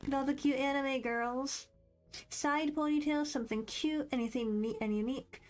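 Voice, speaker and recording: A woman's voice: high voice, steady tone, moderate pace, darkish tone. A young woman streaming, chatting casually and rambling as she reads quiz questions aloud with a bubbly, self-deprecating manner. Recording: faint background music.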